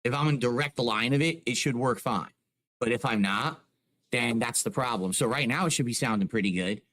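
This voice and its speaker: A man streaming from home explains things to his live chat with frequent "like" and "you know," talking a little fast. His mid-range voice is a bit bright, picked up close by a desk microphone on a boom arm.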